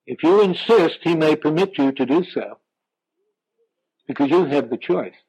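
A man delivers a sermon in a slightly high voice, slowing right down to stress each quoted line. The sound has the thin quality of an old radio broadcast. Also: lively intonation, a little mellow, breathy edge, rough recording. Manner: slow, emphatic preaching with drawn-out scripture quotes. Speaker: preacher.

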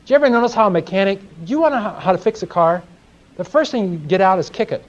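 A man's voice: high voice, lively intonation, quick pace. A man teaching a sermon, telling folksy stories and asking his audience questions. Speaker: Bible teacher. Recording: dull lo-fi live recording.

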